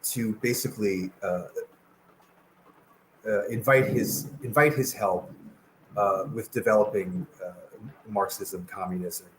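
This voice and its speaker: Man, low voice, hesitant with lots of ums, video call, faint noise behind. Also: fairly even intonation, measured pace, long pauses, fairly bright tone, poor audio. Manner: hesitant, many fillers and restarts. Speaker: guest. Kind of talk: casual political discussion.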